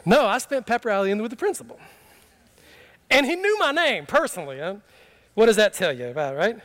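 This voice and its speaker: A man's voice: sits high, sing-song, a little fast, fairly bright tone. A man preaching a sermon in a conversational, humorous way, telling a story from his own life and asking the congregation questions. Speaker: pastor.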